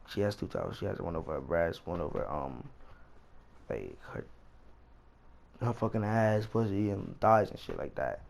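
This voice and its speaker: A man's voice: fairly low pitch, creaky, darkish tone. Rambling young man telling a story. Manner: rambling, slangy, repeats himself. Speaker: vlogger. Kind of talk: casual storytime while gaming.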